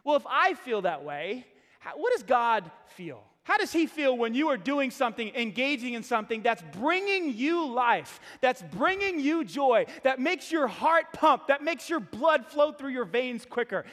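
A middle-aged man preaches from a church sanctuary, his voice pitched high for a man. He talks in a conversational, emphatic way, repeating his key lines. The sound carries a long reverb from the hall. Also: very animated, a little slow, fairly bright tone. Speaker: pastor. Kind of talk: sermon.

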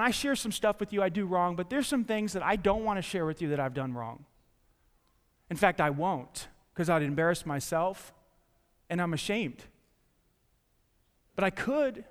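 High-voiced pastor preaching in a reverberant hall. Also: male voice. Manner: animated storytelling with self-deprecating asides and restarts. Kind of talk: sermon. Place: church sanctuary.

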